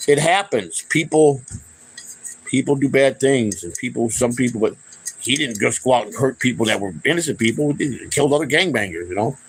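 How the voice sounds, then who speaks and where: Husky and medium in pitch, this man's voice comes through poor audio. He's a middle-aged Chicagoan hosting his own channel, rambling through unscripted personal stories. He swears freely and keeps restarting his sentences.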